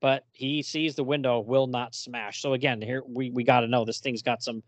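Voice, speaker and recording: A man's voice: mid-range voice, steady tone, moderate pace, no echo. A man co-hosting a podcast, chatting casually about a comic and laughing often. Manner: chatty, laughs often, reads quotes aloud. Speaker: podcast co-host. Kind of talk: casual chat reviewing a comic.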